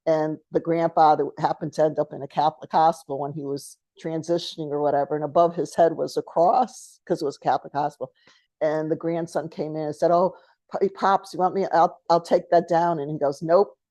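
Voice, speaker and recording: A woman's voice: deep voice, fairly even intonation, fairly quick, dark tone, no room sound. A middle-aged woman co-hosting a spiritual talk show, chatting casually and telling stories with a laugh. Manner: storytelling, chatty, laughs often. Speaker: podcast co-host.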